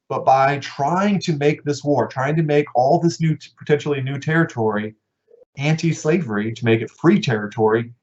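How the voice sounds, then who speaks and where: A man giving a casual history lecture, talking conversationally and voicing people's thoughts in quick asides. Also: mid-range voice. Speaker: history teacher. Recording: dull lo-fi recording.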